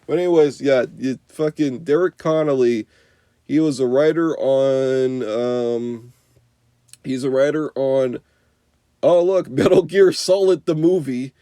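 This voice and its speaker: A man's voice: medium pitch, measured pace, warm tone, no echo. A young man giving an unscripted, profane movie review rant, rambling with constant "you know" and "like".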